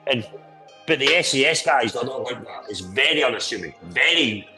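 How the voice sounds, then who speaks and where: A man's voice: mid-range voice, animated, moderate pace, loud music behind the voice, low-quality recording. A man hosting a casual drinking chat, boisterous and rambling with heavy swearing. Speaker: podcast host.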